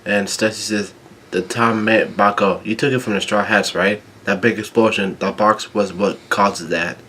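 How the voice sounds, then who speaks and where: Low-voiced man reading a comic, halting. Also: fairly even intonation, pushed and bright, slight background noise. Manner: halting, with frequent restarts and ums. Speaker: manga chapter reader. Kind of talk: reading a comic chapter aloud.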